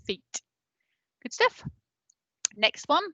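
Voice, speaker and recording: This phonics lesson for parents comes from a woman teacher whose voice is a bit bright, though the recording is muffled with slight background noise. Online and patient, she sounds letters out slowly and asks listeners to repeat them.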